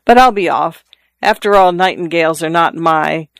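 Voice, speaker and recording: A skeptical, grumbling old father with a dry, mocking wit, as a storyteller puts him on. His voice comes through smooth and clear, close and dry, with no room around it. He talks like someone who likes to lecture and to tease. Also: medium pitch, normal speed, dry recording, close to an everyday voice. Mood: teasing.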